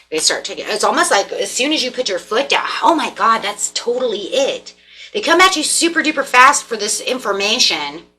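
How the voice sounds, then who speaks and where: A woman giving a casual tarot reading, animated and repetitive, acting out the people in the cards. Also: medium pitch. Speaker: tarot reader.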